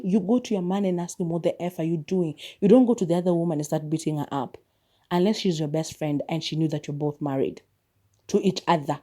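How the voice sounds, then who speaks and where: A woman, hosting a podcast and chatting casually through a movie review, expressive and quick to laugh. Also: fairly low pitch. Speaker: podcast host.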